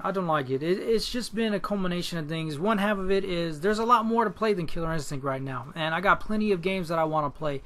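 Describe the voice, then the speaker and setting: A young man with a fairly high voice rants to his viewers in a loose, profane way. He sounds fed up, stumbles over his words and starts over again and again. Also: sharp tone. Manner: frustrated, profane, repetitive restarts. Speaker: gaming YouTuber. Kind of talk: casual ranting commentary.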